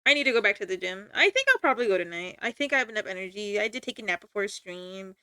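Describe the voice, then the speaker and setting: A woman's voice: medium pitch, expressive, racing, pushed and bright, smooth, no echo, clean studio sound. A young woman streaming from home, chatting casually with her chat, play-acting anger and laughing often. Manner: playful mock-angry banter with frequent laughs.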